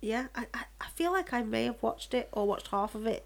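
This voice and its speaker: A woman's voice: fairly high pitch, expressive, a little fast, creaky. A middle-aged woman co-hosting a casual podcast, easygoing and teasing. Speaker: podcast co-host. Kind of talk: casual chat.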